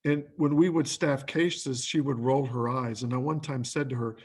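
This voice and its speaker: A man's voice: medium pitch, steady tone, moderate pace, a little mellow, husky. A man giving a training lecture who talks in lists of short questions and acts out quoted lines.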